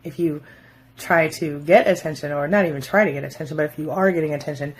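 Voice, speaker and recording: A woman speaks frankly to camera, giving casual relationship advice and mockingly acting out remarks she quotes. Her voice is low-pitched and fast, with a breathy edge.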